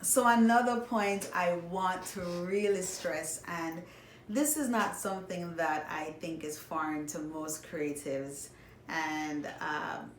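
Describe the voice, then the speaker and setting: A woman music teacher giving a songwriting lesson, explaining patiently and speaking directly to her students. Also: fairly low pitch. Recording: echoey room, faint background noise.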